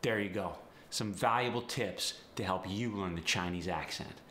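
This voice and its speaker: A man's voice: deep voice, normal speed, fairly bright tone, a little hiss or hum. A man coaching accents in an upbeat, teasing teaching manner. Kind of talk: instructional video. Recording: roomy echo.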